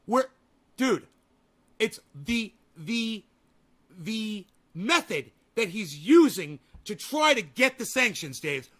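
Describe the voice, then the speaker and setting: A man with a very high, piercingly bright voice rants through a livestream, swearing freely. He yells hoarse exasperation at his chat, then sinks into low, sheepish muttering before building up again. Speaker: livestream host. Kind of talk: ranting live commentary.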